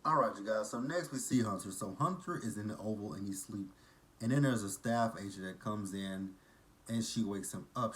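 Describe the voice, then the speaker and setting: A man's voice: on the low side, a little fast, fairly bright tone. A man casually recapping a TV episode, with blunt, profane and mocking asides. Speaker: TV episode reviewer.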